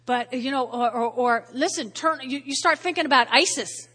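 High, bright woman pastor preaching. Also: moderate pace. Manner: conversational, checks in often with "all right?"; repeats key phrases for emphasis. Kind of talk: sermon. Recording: long reverb of a large hall.

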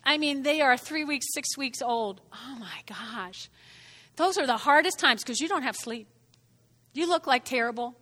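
A woman preaching an animated sermon, calling out to the congregation and repeating her phrases. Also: high voice, moderate pace, in a large hall. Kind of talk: lively sermon.

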